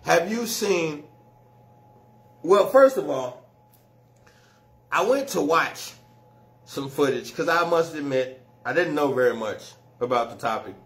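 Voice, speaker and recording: A man doing stand-up comedy, telling a story loudly and with lots of slang and swearing, often laughing at his own jokes. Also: fairly high pitch, animated, measured pace, long pauses. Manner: profane and slangy.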